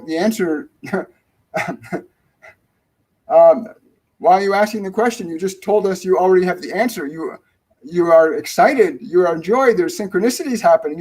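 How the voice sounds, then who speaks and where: Rambling, higher-voiced man answering a live stream. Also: poor audio. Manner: rambling, warm, repeats phrases for emphasis. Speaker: spiritual medium, show host. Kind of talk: live-stream Q&A, spiritual guidance.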